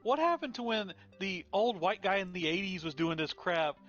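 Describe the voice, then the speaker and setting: A man chats on a podcast and tells funny stories with energy, laughing at his own punchlines. His bright, fairly high voice comes through a slightly dull, lo-fi mic. Faint music plays behind him. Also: animated, normal speed. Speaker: podcast co-host. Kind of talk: casual podcast chat.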